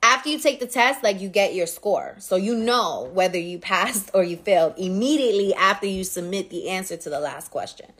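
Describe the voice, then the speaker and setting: A woman with a New York accent, around her thirties, talking straight to her livestream viewers. Her voice sits in a mid range, and she tells the story in an animated, candid way, swearing freely as she goes. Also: mid-range voice, brisk, hardly any pauses. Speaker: livestream host.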